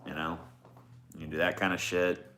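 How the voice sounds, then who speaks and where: Low-voiced man chatting on a livestream. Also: flat delivery, moderate pace, a bit bright. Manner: laid-back, swears a lot, reads chat requests. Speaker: livestream host. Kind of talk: casual livestream chat. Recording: echoey room with music behind.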